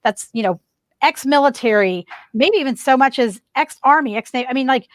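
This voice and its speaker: A woman's voice: high-pitched, animated, moderate pace, no room sound. A woman guest on a podcast, giving marketing advice in a casual, emphatic way and repeating her key points.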